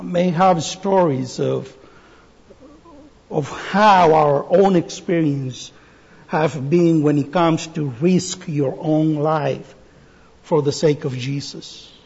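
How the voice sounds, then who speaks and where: Guy giving a sermon, high-pitched, slow and careful. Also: creaky, darkish tone, slightly rough, lo-fi sound. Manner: slow, deliberate delivery with pauses and restarts. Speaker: preacher.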